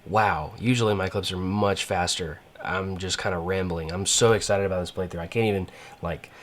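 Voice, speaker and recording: A man's voice: deep voice, steady tone, moderate pace. A man giving rambling, casual gameplay commentary, full of fillers and restarts. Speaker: gaming channel host.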